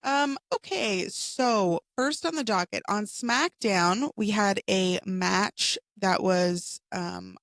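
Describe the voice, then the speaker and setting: A woman co-hosting a podcast in casual chat, raspy and hoarse from a cold, chatty as she recaps storylines. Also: mid-range voice, fairly bright tone, dry recording. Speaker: podcast co-host.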